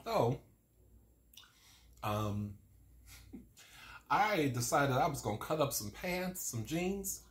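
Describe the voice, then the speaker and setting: A man's voice: mid-range voice, big pitch swings, drawn-out words, pauses often, a bit bright, echoey room. A man in his forties chatting casually while eating, rambling through an old story and sometimes talking with his mouth full. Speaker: mukbang vlogger.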